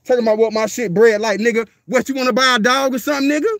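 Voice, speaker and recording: A man's voice: extremely high pitch, very fast, gravelly, fairly bright tone, dry recording, studio quality. A man, a dog breeder ranting on a livestream in a profane, confrontational way, repeating himself as he calls out a viewer. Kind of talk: livestream rant.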